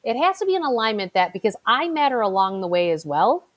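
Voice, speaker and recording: A woman's voice: fairly high pitch, big pitch swings, fast talker, no room sound. A middle-aged woman from Chicago who works as a financial advisor, giving a motivational talk in a chatty storytelling way with fillers and asides. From Chicago, United States. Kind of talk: motivational talk with personal stories.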